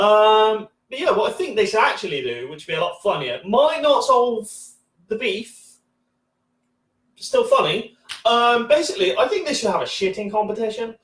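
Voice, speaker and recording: A high-pitched man in his thirties rambles through a first stand-up set, stumbling over restarts and fillers and swearing freely. He is heard from a distance, and the room rings with echo around him. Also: very animated, brisk, fairly bright tone. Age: 30s. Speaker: stand-up comedian.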